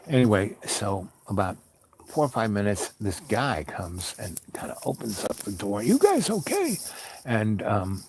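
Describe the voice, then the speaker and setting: A man host telling a personal story in a calm, wry, rambling way with many fillers. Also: on the low side, unhurried, creaky, slight background noise. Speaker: podcast host.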